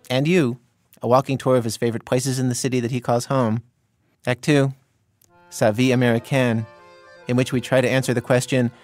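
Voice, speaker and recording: Wry, measured American radio host. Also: male voice, medium pitch. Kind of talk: scripted radio narration.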